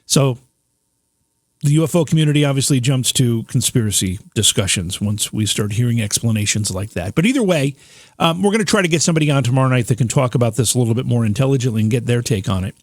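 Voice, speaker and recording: A man's voice: medium pitch, animated, fast, no room sound. A man hosting a talk show who says he is losing his voice, talking informally with fillers and restarts. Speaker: host.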